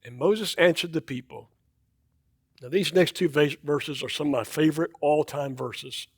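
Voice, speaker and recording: A man's voice: fairly high pitch, moderate pace, husky, no echo, studio quality. A man preaching a sermon in a church, talking in a loose, conversational way and often repeating and restarting words. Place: church auditorium.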